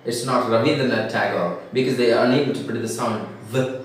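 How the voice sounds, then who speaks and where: Echoey Indian English teacher lecturing. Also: male voice, mid-range voice, slight background noise. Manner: explains with examples, repeats words and slows down for emphasis. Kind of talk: classroom lecture. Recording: very echoey room.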